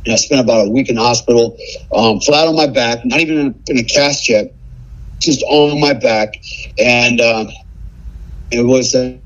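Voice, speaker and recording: A man's voice: mid-range voice, normal speed, fairly bright tone, highs cut off. A man telling a story as a podcast guest, laughing often and tossing in "man" and "right?". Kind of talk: casual storytelling.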